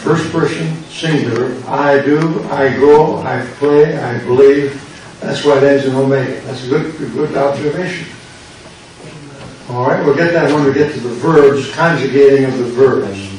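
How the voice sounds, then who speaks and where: An older man, a pastor, slowly and patiently explaining grammar in a classroom lecture. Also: mid-range voice, darkish tone. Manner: slow, patient explaining with repetition. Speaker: pastor teaching a Greek class. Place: church classroom. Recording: echoey classroom from far off with background noise.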